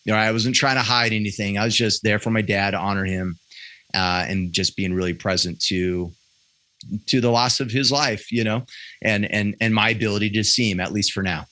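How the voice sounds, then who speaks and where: A man in his thirties speaks as a podcast guest, candid and earnest, circling back and restarting his sentences as he tells a personal story. His voice sits a little low but has a bright, forward edge. The sound is close and dry, with no room around it. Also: steady tone, fairly quick, no room sound. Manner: earnest, self-correcting storyteller with frequent restarts. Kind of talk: candid conversational interview.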